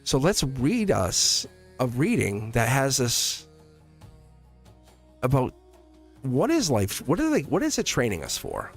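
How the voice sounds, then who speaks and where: A man's voice: mid-range voice, wildly swooping pitch, takes it slowly, long pauses, breathy edge, faint music behind. A man hosting a casual live-stream tarot reading, rambling and restarting his sentences, often laughing as he talks. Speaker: live tarot reader and channel host.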